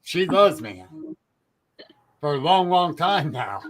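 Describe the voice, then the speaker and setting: A man's voice: a little high, big pitch swings, slow pace. A man hosting a talk show in casual chat, teasing his guests with jokes.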